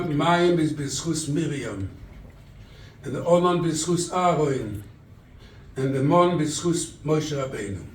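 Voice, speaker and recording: A rabbi from England giving a sermon at a charity event, telling stories and acting out the dialogue. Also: male voice, fairly high pitch. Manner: storytelling, quotes scripture and acts out dialogue. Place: event hall. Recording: echoey room, distant mic.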